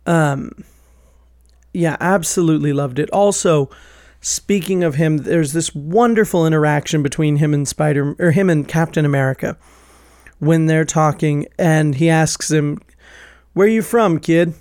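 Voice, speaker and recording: A man's voice: a little high, fairly even intonation, measured pace, darkish tone, no echo, clean studio sound. Enthusiastic man gushing about a film. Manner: enthusiastic, acts out quoted lines in raised voices. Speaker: film reviewer. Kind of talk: casual film discussion.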